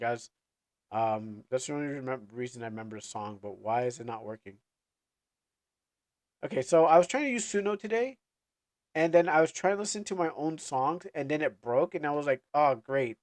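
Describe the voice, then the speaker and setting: A man's voice: on the high side, animated, a little fast, no room sound, studio quality. A man streaming casually, rambling through stories with lots of fillers and restarts.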